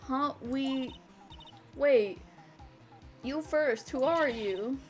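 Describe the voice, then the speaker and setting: A woman's voice: sits high, extremely slow, faint music behind. A woman streamer giving casual, chatty commentary while playing a game, laughing, swearing and reading dialogue aloud.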